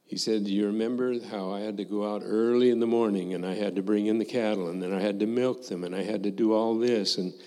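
An older man, a former missionary, telling a personal testimony to a congregation in a slow, reflective way, acting out the dialogue he recalls. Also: on the low side, fairly even intonation, mellow, big-room sound.

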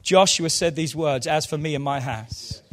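A man preaching a sermon in a church service, moving fervently from quiet low asides to loud shouted calls. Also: moderate pace. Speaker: pastor.

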